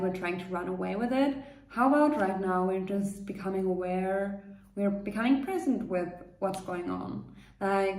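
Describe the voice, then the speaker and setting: A woman coach leading a guided meditation, speaking gently and reassuringly in a loose, unscripted way with frequent fillers. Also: medium pitch. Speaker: manifestation coach. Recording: roomy echo.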